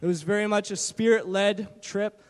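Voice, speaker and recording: High-voiced man telling a church story. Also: normal speed, big-room sound. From Canada. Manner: animated storytelling with many fillers and restarts. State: shaky from not eating. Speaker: church youth leader sharing a mission trip story. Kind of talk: church testimony talk. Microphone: handheld microphone.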